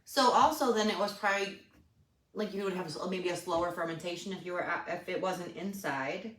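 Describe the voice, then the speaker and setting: A woman's voice: fairly low pitch, brisk, fairly bright tone, recorded from a distance, a little hiss or hum. Wry woman, a bit off mic. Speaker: co-host of a homebrewing show. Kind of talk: casual chat while tasting beer. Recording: echoey room, a bit off mic.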